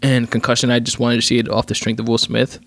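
A man's voice: mid-range voice, level tone, quick pace, fairly bright tone. A young man hosting his own podcast, ranting casually about a movie, swearing freely, with lots of fillers and restarts. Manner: profane, rambling, many fillers and restarts. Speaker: podcast host. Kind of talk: casual solo podcast rant.

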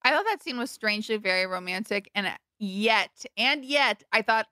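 A woman co-hosts a podcast in relaxed, casual chat. Her voice is bright and forward, and she teases wryly and laughs often. The sound is dry and close. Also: mid-range voice, moderate pace, clear, resonant tone, no room sound. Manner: laughs often, wry teasing. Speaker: podcast co-host.

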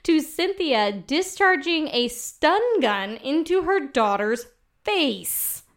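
Chatty woman podcast co-host, bright voice. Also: sits high, very animated, slow. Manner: chatty, laughs often, trails off mid-sentence. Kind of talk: casual chat.

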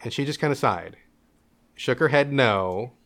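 A young man telling a candid personal story in an interview, animated, acting out his parents' voices and laughing often. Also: medium pitch, unhurried. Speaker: interview guest.

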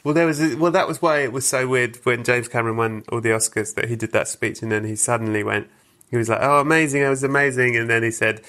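A man hosting a casual podcast interview, dropping quick, jokey remarks. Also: mid-range voice, fairly even intonation, fairly bright tone. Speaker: podcast host.

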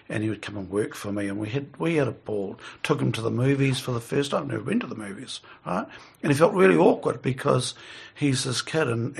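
A man's voice: medium pitch, gravelly, husky. A middle-aged man, telling a rambling story in casual conversation and chuckling as he goes.

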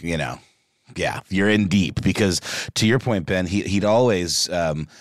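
A man with a very low voice co-hosts a podcast in relaxed, casual chat. He wanders into jokey asides, padding his talk with ums and you-knows. The sound is dry and close, with no room echo. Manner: joking, rambling asides with many fillers. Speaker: podcast co-host.

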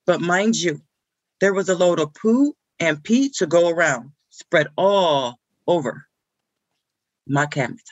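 A woman's voice: fairly low pitch, expressive, unhurried, no echo, dull audio. A woman performing a comic monologue as a frazzled woman stuck watching a wild puppy, telling it with indignant exclamations. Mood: incredulous.

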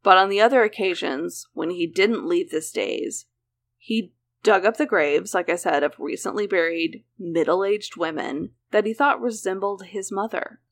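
A woman's voice: mid-range voice, moderate pace. A woman casually recounting a true crime case as a podcast host, mixing read details with chatty asides. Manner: conversational, reading case details with frequent "like".

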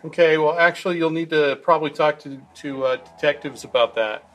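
A man's voice: on the high side, a little fast, fairly bright tone, muffled recording, slight background noise. A male police officer questioning and arresting a man in a blunt, businesslike way. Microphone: police body camera.

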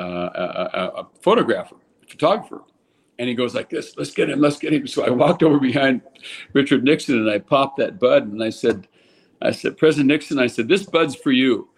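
An older man from California, a former baseball player, telling lively stories in a casual interview and acting out the quotes. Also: husky. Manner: animated storyteller, acts out quotes with raised pitch.

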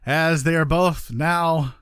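A man's voice: on the high side, steady tone, takes it slowly, fairly bright tone, clear, resonant tone, no echo, studio quality. A man hosting a casual gaming podcast, joking and rambling with lots of fillers. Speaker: podcast host.

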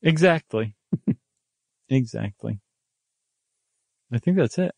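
A man co-hosting a podcast in casual, playful chat, joking and animated. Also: medium pitch, takes it slowly, vocal fry, no echo. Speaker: podcast co-host.

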